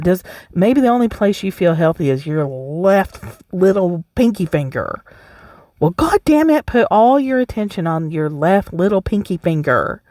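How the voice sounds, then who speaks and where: A woman's voice: mid-range voice, a little mellow, no room sound, studio quality. Blunt, profane woman podcaster. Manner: blunt, profane, emphatic, laughs often. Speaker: podcast host. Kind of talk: casual solo podcast talk.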